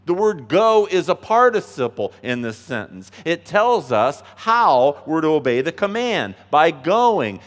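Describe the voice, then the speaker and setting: A man preaching a sermon as pastor, earnest and emphatic, dropping to soft asides and rising to loud stresses. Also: fairly high pitch. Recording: long hall reverb.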